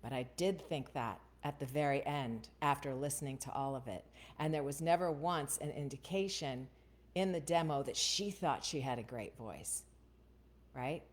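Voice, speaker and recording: A woman hosting a voiceover Q&A, chatting casually and often checking in with "right?". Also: extremely low pitch. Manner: chatty, keeps asking "right?". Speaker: voiceover coach and host. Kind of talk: casual Q&A livestream.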